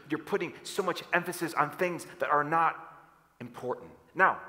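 A man preaches with energy, asking the congregation to repeat lines back to him. His voice is bright and a little high. It carries a long reverb from the church hall. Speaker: pastor. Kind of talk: sermon.

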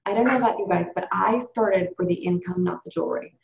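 Here a woman with a lowish, gravelly voice talks at a quick pace while leading sales training on a call or webinar. Her coaching is cheerful and conversational, aimed right at the group, and the audio is dull and roomy like a conference line.

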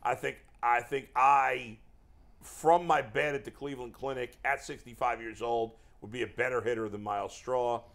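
A man's voice: medium pitch, fairly even intonation, normal speed, vocal fry, fairly bright tone. A man playing a rambling old male baseball manager with a put-on Southern accent in a comedic impression. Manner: rambling, chuckling confessions. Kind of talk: comedic role-play impression.

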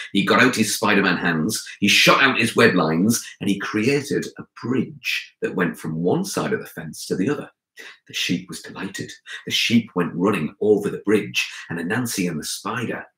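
A man who writes children's books, telling a folk tale to children in an animated, expressive way and speaking to his listeners directly. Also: sits low, roomy sound, poor audio. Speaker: children's author and storyteller. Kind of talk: storytelling for children.

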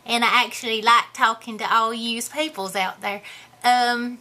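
A woman's voice: on the high side, steady tone, unhurried, bright, forceful tone. A woman playing a goofy, boastful character in a comedy vlog, talking in a rambling, self-mocking way. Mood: playful. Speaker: vlogger answering viewer questions.

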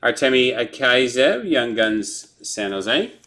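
Man, card break host, brisk name-and-team listing, middle pitch, audible background noise. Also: big pitch swings. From Canada. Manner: brisk listing of player names and teams, chuckling over names. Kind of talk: live sports card break, calling out pulls. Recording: noisy room with card-pack crinkling.

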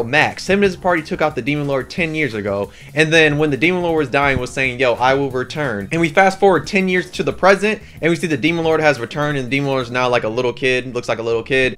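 Fast-talking, slangy man reviewing anime. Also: a little high. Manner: slangy, excitable, rambling storyteller. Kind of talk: casual anime commentary.

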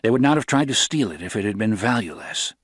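A man's voice: fairly low pitch, lively intonation, fast, slightly rough, dry recording, clean studio sound. A man reading a grim young pearl diver. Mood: grave.

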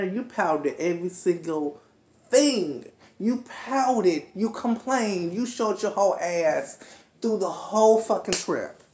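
A woman in her twenties ranting about a TV episode in a brash, profane, animated way. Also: lowish voice. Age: 20s. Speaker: reality show recap host. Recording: echoey room.

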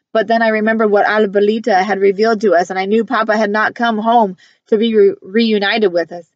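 A woman narrates a novel in the first person, measured and earnest, at a mid pitch. The recording is dry and close, with a somewhat dull, muffled top end. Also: no echo. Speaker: audiobook reader.

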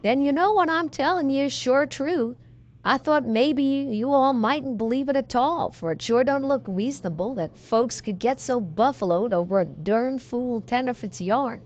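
A woman's voice: high-pitched, lively intonation, normal speed, a little mellow, lo-fi sound. A woman reading an audiobook, voicing a folksy male cowboy telling a tall tale in a drawling frontier dialect. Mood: yarn-spinning. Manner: drawling frontier dialect, leisurely yarn-spinning. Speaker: audiobook reader. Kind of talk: audiobook reading of a western yarn.

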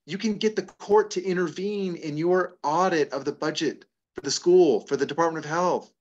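A middle-aged man with a fairly high voice hosts a casual advice talk at normal speed, answering a caller's member questions. He's animated, telling stories and laughing often, and the sound is lo-fi.

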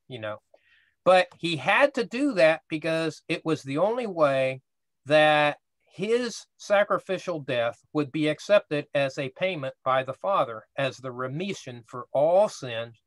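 A man's voice: a little high, animated, unhurried, no room sound. A man teaching a casual Bible study class, explaining step by step and often checking in with "right?".

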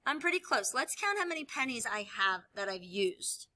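A woman teacher explaining a lesson while she demonstrates with objects, upbeat and clear. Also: on the high side, sing-song, moderate pace, sharp tone. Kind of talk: classroom video lesson.

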